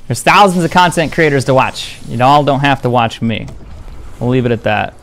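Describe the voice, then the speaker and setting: A man's voice: medium pitch, moderate pace, a bit bright. A young man streaming a game, talking casually to his viewers in a blunt, defensive, profane way. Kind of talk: casual live-stream chat.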